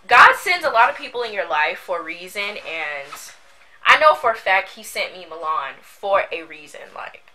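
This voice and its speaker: A woman's voice: mid-range voice, very animated, normal speed, bright, forceful tone, low-quality recording. A young woman talking casually to her vlog audience, goofy and overdramatic, with lots of slang. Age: young adult. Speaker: vlogger. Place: at home while packing. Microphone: built-in camera mic.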